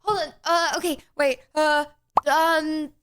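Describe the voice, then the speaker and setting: A young woman with a high voice streams from home, chatting on a desk mic. She talks slowly, drawn out and unhurried, then breaks into flustered exclamations and laughter over her tech troubles. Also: steady tone, fairly bright tone, slight background noise. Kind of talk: casual live-stream chat.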